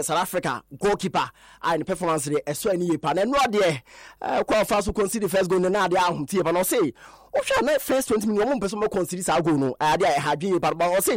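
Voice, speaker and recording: A man hosting a radio sports show, rambling excitedly through World Cup fixtures in a sing-song, mixed-language chat. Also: sits high, no room sound, clean studio sound. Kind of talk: casual sports talk mixing languages.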